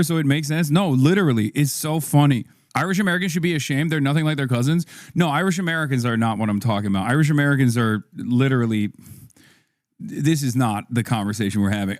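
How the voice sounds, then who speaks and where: A man's voice: a little high, no echo, studio quality. A man streaming, riffing casually with profanity and frequent laughs as he reacts to a video.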